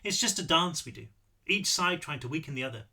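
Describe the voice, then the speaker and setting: This is a soft, almost soothing stranger with something dark just beneath the surface, voiced by a man reading his novel aloud. The voice sits high and sounds bright and clear. He talks calmly and smoothly, never raising his voice. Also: a little fast, heavily acted. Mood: calm, ominous. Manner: quiet, gentle, with a dark edge. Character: high-pitched, soft-spoken, menacing European man. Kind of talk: audiobook read-through.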